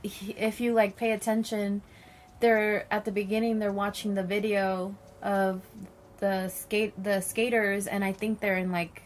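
A woman who is a teacher, appearing as a podcast guest, discussing a film in casual, animated chat and swearing freely. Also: mid-range voice, a little slow.

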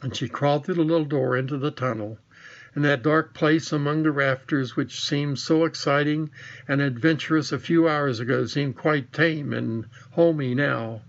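A man's voice: a little high, moderate pace, creaky, highs cut off. A man narrating a children's storybook, reading with small slips and restarts. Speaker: audiobook narrator.

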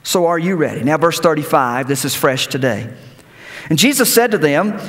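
A male pastor preaching a sermon in a church, animated, with repeated words and rhetorical questions. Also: a little high, normal speed, in a large hall. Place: church sanctuary.

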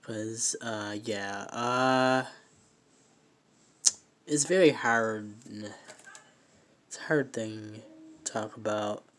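A young man filming a casual toy review vlog on a handheld phone, talking in a halting, rambling way with many fillers and restarts, his voice emotional. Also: fairly low pitch, fairly bright tone. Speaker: vlogger. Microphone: handheld phone camera.

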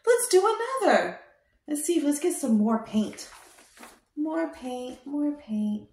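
A young woman hosting a toddler show, talking in a slow, exaggerated sing-song way to teach small children. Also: high-pitched, very animated, darkish tone. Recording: roomy echo.

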